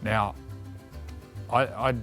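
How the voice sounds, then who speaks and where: A man's voice: on the low side, fairly even intonation, sharp tone, soft background music. A man in his forties with an Australian accent, bantering and laughing in a casual chat. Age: 40s. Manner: quick laughing interjections. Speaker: podcast co-host, former player.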